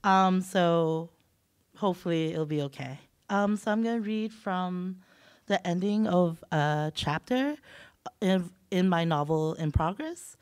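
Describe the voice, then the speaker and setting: A woman's voice: on the low side, measured pace, darkish tone, clear, resonant tone, dry recording. A woman, a novelist, reading from her work in progress at an event while she has a cold, hesitant when she talks off the page. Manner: hesitant, filler-laden when speaking off the page. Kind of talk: literary reading aloud. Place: event hall.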